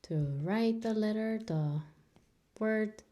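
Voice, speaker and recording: Patient woman teacher, native Korean speaker, extremely slow and deliberate delivery, drills each sound again and again for beginners. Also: medium pitch, lively intonation, darkish tone. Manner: patient, repeats each sound several times for learners. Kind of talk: beginner language lesson.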